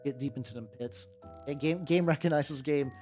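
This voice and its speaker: Painting miniatures, a thirtysomething woman talks casually and wanders from idea to idea, leaning heavily on "like." She speaks briskly in a deep, mellow voice, with faint background music behind her.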